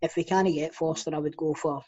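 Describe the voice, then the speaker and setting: A man's voice: on the high side, fairly even intonation, fairly quick, warm tone. A Scottish man talks football with earnest, rambling opinions. His voice comes through dull and lo-fi, like a cheap mic. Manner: earnest, laughs at own jokes. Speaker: podcast co-host. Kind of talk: casual football chat. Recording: dull lo-fi sound.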